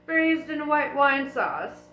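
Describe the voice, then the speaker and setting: A polite, contented cow-like creature, as a woman reader puts him on, offering himself up with eager courtesy. The voice sits a little high and unhurried, and the room rings with echo under faint music. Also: sing-song, a bit bright, heavily acted. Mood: courteous.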